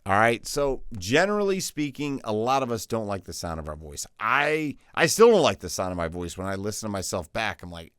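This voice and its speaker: A man's voice: fairly low pitch, expressive, normal speed, a bit bright, clean tone, no echo, clean studio sound. A male voiceover coach giving a casual online tutorial, upbeat and slangy, joking as he talks straight to the viewer.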